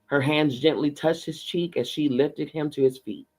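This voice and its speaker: A man reading a novel aloud in a measured, steady storytelling manner. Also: on the high side. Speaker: book reader.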